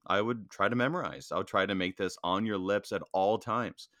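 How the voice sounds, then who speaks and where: Earnest deep-voiced man discussing faith. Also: moderate pace, fairly bright tone, dry recording, studio quality. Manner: earnest, with frequent fillers and restarts. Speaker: district president co-hosting a Lutheran study podcast. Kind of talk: casual theological discussion and reading aloud.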